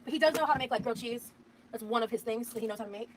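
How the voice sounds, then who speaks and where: Woman streamer chatting while she cooks, kinda high voice, loose and rambly. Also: racing, slight background noise, low-quality recording. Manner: rambling, chatty, swears casually. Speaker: streamer cooking on a live stream. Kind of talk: casual live-stream chat while cooking.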